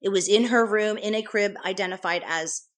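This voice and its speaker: A middle-aged woman speaks as an interview guest, retelling events in careful, earnest detail. Her voice sits at an ordinary middle pitch, and she often stops and restarts her sentences as she works through the story. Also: normal speed. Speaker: nurse guest.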